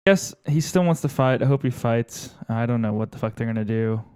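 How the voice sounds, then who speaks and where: A man's voice: mid-range voice, brisk, dark tone, clear, resonant tone. A man co-hosting a podcast in loose casual chat, laughing often and swearing freely. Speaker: podcast co-host.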